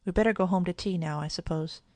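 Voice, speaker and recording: A woman's voice: on the low side, fast, no room sound, close to an everyday voice. Short-tempered older brother in a storybook, curt and scolding; a woman narrator voices him. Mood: calming. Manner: sharp, scolding.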